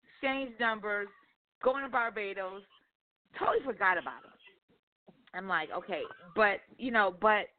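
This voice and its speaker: A woman telling a dating story on talk radio, profane and exasperated. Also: mid-range voice. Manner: profane, exasperated, animated retelling. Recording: phone-line call.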